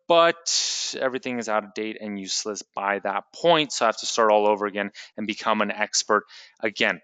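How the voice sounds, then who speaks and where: Upbeat man pitching in a webinar. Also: fairly quick, a bit bright, clean tone, no room sound. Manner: enthusiastic, salesy, talks straight to the audience. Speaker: webinar presenter. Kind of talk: live sales webinar teaching.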